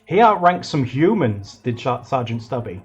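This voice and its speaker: Rambly streamer guy, kinda husky, dull lo-fi mic, faint music behind. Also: mid-range voice, moderate pace. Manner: rambling, excitable, lots of fillers. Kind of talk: casual live-stream chat while drawing.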